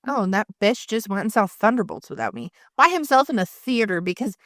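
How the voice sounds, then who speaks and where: A woman's voice: mid-range voice, lively intonation, brisk, a bit bright, dry recording, clean studio sound. A woman co-hosting a podcast, chatting casually in rambling tangents and swearing freely. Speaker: podcast co-host. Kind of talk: casual chat.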